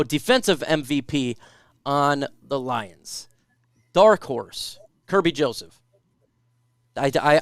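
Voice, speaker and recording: A man hosts a casual sports chat, reading out viewer questions and answering them one by one. His voice sits a little high, smooth and crisp. The sound is dry and close, with no room in it. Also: no room sound. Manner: reads viewer questions aloud then answers. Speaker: podcast host reading live chat.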